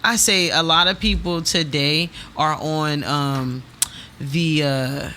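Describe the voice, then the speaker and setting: Woman on a podcast telling stories, slangy and animated, bright voice, bit of hiss behind. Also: deep voice, takes it slowly. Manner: slangy, animated storytelling with quoted asides. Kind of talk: casual chat.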